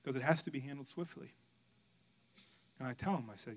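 A male pastor preaching a sermon, telling a candid personal story, swinging from loud outbursts to hushed, quiet passages. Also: mid-range voice, fairly quick, pauses often.

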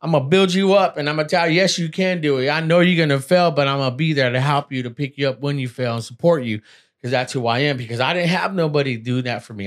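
A man hosting a motivational podcast, talking in an animated, slangy way and often saying "man". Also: mid-range voice. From Native American. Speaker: podcast host.

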